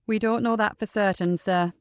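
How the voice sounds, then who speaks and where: A calm female detective, as a woman narrator reads her speaks in a level, firm and reassuring voice. The reading is close and dry. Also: mid-range voice, normal speed, smooth, no echo, natural voice.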